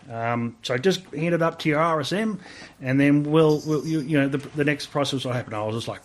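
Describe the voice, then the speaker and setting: A man's voice: a little high, a little fast. An Australian man in his forties, an army veteran being interviewed, telling stories casually, swearing freely and acting out remembered dialogue.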